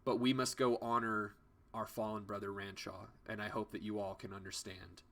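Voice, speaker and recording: A man's voice: fairly low pitch, little pitch movement, normal speed, a bit bright, voice pushed down. A man doing a grieving solemn monk. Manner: subdued, holding back emotion.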